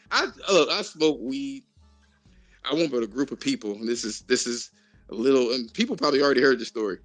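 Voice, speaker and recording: A man's voice: on the high side, fairly bright tone, no echo. Profane, frank man in dry voice chat. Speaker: host of an online voice chat. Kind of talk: casual group voice chat.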